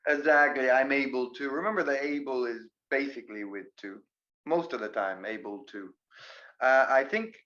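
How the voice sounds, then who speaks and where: A man teaching English in a live online class, explaining grammar with lively examples. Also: mid-range voice, normal speed, highs cut off.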